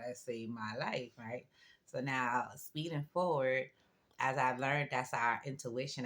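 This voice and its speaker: This is a woman with a strikingly deep, low voice, giving a casual vlog monologue. She tells her story in a chatty way, with asides to the listener. Small laughs come up as she goes. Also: fairly bright tone. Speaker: vlogger.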